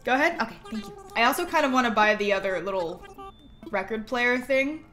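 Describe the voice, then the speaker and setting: A woman's voice: a little high, expressive, fairly quick. A young woman streaming a game, chatting casually and gushing over what she sees, giggling often. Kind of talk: casual live-stream chatter while gaming. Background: soft game music.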